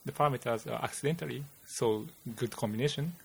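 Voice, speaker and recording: A man with a Japanese accent, a physicist guest explaining theory in casual chat, halting and searching for words. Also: mid-range voice, vocal fry, husky. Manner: halting, many "you know" fillers, searching for words.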